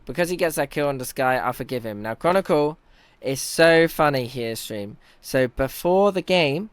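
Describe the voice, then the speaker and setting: Brief: young man, mid-pitched and close, dry sound, casual self-teasing match breakdown. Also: lively intonation, normal speed, clean tone, no room sound. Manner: chatty, analytical, self-teasing. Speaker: team captain and in-game leader. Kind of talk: casual commentary over match footage.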